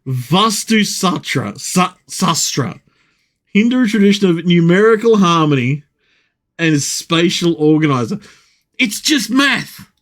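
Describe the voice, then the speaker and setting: A man's voice: high voice, a bit bright. A man streaming live, ranting and swearing with frequent laughter as he comments. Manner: profane, ranting, laughing often.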